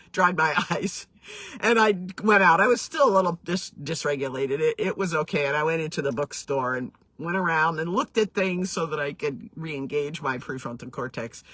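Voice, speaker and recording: Woman storyteller, earnest, reflective, bright slightly breathy tone, laughs between phrases, close dry sound. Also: medium pitch, no echo. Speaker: healing coach sharing her story. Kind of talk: personal storytelling, casual and reflective.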